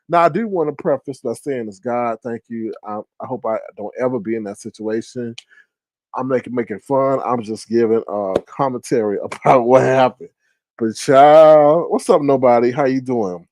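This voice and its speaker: A man's voice: normal speed, no room sound. A man hosting a casual live stream, chatting with viewers and greeting them by name. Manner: animated, shoutouts to viewers, big jumps into high exclaims.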